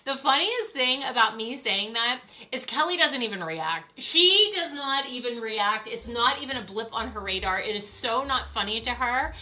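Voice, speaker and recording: A middle-aged woman chatting casually as she reacts to old clips, sassy and quick to laugh. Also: on the high side, animated, sharp tone. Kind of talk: casual chat.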